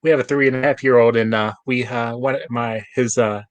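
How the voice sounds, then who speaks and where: A man's voice: medium pitch, fairly even intonation, brisk, no room sound. A man hosting a casual interview, talking hesitantly with fillers and laughter. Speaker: podcast interviewer.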